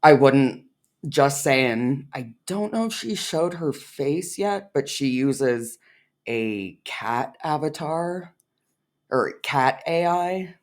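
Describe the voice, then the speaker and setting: A woman's voice: sits low, animated, slow pace, darkish tone. A woman co-hosting a reaction video, speaking in a dry, teasing way. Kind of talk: casual reaction chat.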